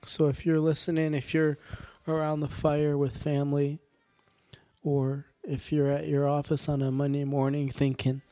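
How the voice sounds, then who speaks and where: A man hosting a podcast, signing off in a rambling, jokey way with a hoarse, strained voice and many fillers. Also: on the high side, monotone, moderate pace, warm tone, dry recording. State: hoarse, sore throat with coughing. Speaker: podcast host. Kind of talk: casual podcast sign-off.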